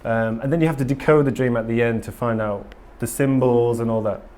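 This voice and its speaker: Brisk and steady in tone, a man with a medium, slightly mellow voice gives a casual conference talk to a live audience in a conference room. He comes across as earnest yet rambling, often restarting and saying um.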